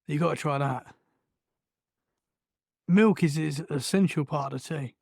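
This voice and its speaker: A woman's voice: deep voice, measured pace, creaky, a little mellow, dry recording, studio quality. A British woman co-hosting a casual podcast chat, easygoing and laughing often. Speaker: podcast co-host.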